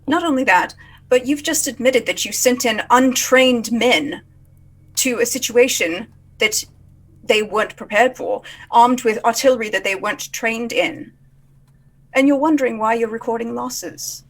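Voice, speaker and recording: A stern male businessman in a tabletop roleplay, cutting and accusatory toward his rival, played by a woman. The voice sits a bit higher than most women's. The delivery stays sharp throughout. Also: a little slow, poor audio. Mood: accusing.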